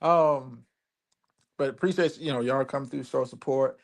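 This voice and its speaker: Tired, gravelly male stream host. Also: mid-range voice, a little fast, a little mellow. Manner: profane, loose, rambling. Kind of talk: casual live-stream sign-off. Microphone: phone.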